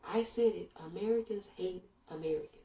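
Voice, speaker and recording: A woman commentator delivering a sarcastic monologue full of rhetorical questions and drawn-out pauses. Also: lowish voice, gravelly, dark tone, distant mic, highs cut off. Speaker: online commentator. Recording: roomy echo, voice away from mic.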